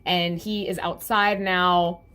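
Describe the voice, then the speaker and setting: A woman's voice: fairly low pitch, flat delivery, takes it slowly, sharp tone, smooth. A young woman chatting through a comic chapter review, laughing often and slipping into the characters' voices. Her talk is loose and rambling, full of fillers. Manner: giggly, chatty, acts out characters' lines. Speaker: webcomic reviewer.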